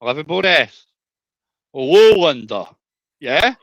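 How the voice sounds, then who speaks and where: Scottish man, livestream chat, brash, sweary, high voice, bright tone. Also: sing-song, measured pace, dry recording, rough recording. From Scotland. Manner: brash, sweary, talks over others. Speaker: streamer.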